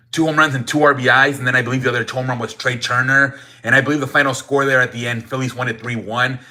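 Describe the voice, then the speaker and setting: A man's voice: medium pitch, bright, forceful tone. A young man hosting a sports show, rambling in a profane, casual rant full of restarts and "man" tags.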